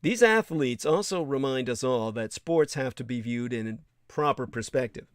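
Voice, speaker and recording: A man's voice: mid-range voice, expressive, moderate pace, no room sound, studio quality. A man hosting a livestream, reading aloud and adding blunt, indignant commentary with some swearing. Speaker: livestream host.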